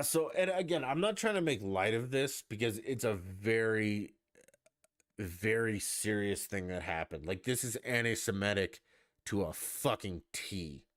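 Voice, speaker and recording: A man's voice: lowish voice, dry recording, clean studio sound. Profane, sarcastic man ranting. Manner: profane, sarcastic, mocking voices. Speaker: podcast host. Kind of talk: casual ranting commentary.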